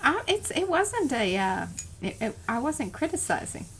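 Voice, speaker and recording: A woman's voice: high-pitched, big pitch swings, fairly bright tone, a little hiss or hum. A woman co-hosting a live art stream, giving frank opinions and teasing her partner with easy laughter. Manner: candid, teasing, quick to laugh. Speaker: co-host of art livestream. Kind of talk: casual chat. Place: home art studio.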